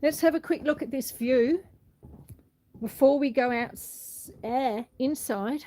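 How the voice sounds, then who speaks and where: With a high, mellow voice and a slow pace, a woman with an Australian accent hosts a laid-back livestream on a windy farm outdoors. She laughs easily, greets viewers by name, and reads their comments out loud.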